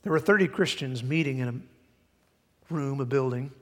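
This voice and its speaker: A man's voice: mid-range voice, measured pace, fairly bright tone, in a large hall. A man preaching a sermon in a church, folksy and emphatic, sometimes mimicking people to make a point. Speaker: pastor. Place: church sanctuary.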